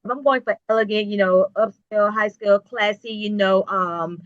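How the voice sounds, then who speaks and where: A woman's voice: medium pitch, steady tone, moderate pace, dry recording, highs cut off. A woman business owner talking in an interview, emphatic and preachy, with repetitive motivational phrasing. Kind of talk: casual interview talk.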